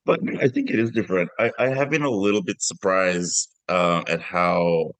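A man's voice: deep voice, normal speed, a bit bright, no room sound. A middle-aged man, a film director, answering interview questions reflectively with frequent restarts.

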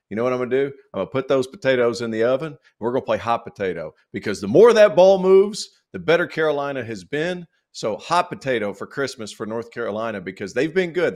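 A man with a Southern accent giving loose, rambling basketball takes on a podcast, joking as he thinks aloud. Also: medium pitch. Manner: rambling, joking, self-correcting. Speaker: basketball analyst. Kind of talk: casual sports chat.

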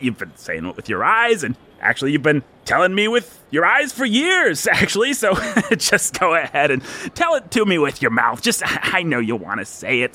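A man's voice: a little high, pushed and bright, heavily acted. A man playing an awkward suburban father who covers tension with nervous, jokey cheerfulness. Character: awkward upbeat suburban dad, forced cheer. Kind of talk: comedic audio drama acting.

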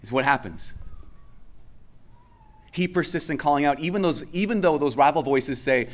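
A man's voice: fairly high pitch, normal speed. A male pastor preaching a sermon in a conversational way, often restarting and repeating phrases for emphasis.

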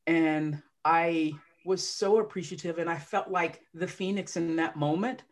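Here a woman life coach speaks unhurriedly in a lowish voice. As a guest on a casual podcast interview, she's an animated, emotional storyteller who acts out the words of the people in her story.

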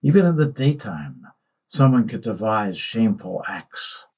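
A man voicing a calm, mysterious god in disguise who speaks quietly and without concern. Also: on the low side, unhurried, breathy edge, exaggerated voice.

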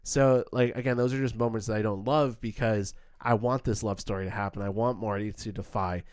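A man casually reviewing a film as a podcast co-host, animated and acting out quoted lines. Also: lowish voice, fairly quick, clear, resonant tone, dry recording, clean studio sound.

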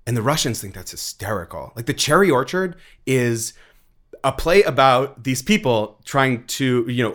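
Animated man acting out quotes. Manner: animated, acts out quoted voices with big pitch jumps; heavy use of "like" and "dude". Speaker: interview guest, actor and writer. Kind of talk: casual conversation.

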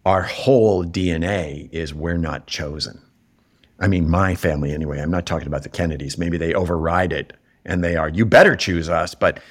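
A middle-aged man talking as an interview guest, telling a personal story in a reflective, animated way, his voice jumping up when he is moved. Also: deep voice. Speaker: interview guest, television writer.

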